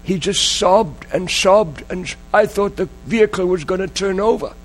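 High-voiced preacher telling a story. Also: male voice, normal speed, soft background music. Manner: emotional, repetitive, dwells on phrases. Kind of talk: sermon storytelling.

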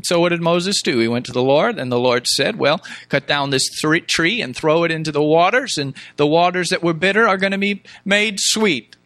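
A man's voice: fairly high pitch, moderate pace, few pauses, a bit bright, no room sound. A man preaching a sermon, reading scripture aloud and mimicking complaining voices, with emphatic rhetorical questions.

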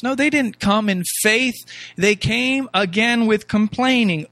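A man's voice: high-pitched, measured pace, sharp tone, no room sound. A man preaching a sermon, reading scripture aloud and mimicking complaining voices, with emphatic rhetorical questions.

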